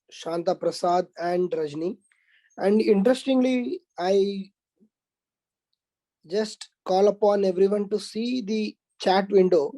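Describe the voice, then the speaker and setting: Mellow-voiced man teaching an online class. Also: high-pitched, low-quality recording. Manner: explanatory, repeats the question and asks the class to confirm. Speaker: exam coaching teacher.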